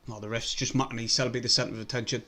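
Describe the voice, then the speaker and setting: A young man, commenting live on a match for his stream. He swears a lot, mutters under his breath and breaks into excited bursts. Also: medium pitch, very fast. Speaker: fan livestream host.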